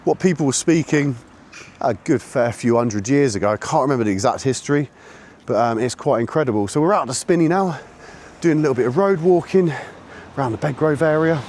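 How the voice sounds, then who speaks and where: A man vlogging a dog walk, chatting casually and snapping out high, sharp commands to his puppy. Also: fairly quick, slight background noise. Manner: sharp high-pitched commands to a dog between relaxed chat. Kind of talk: casual narration while walking a dog. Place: outdoors on a woodland and road walk.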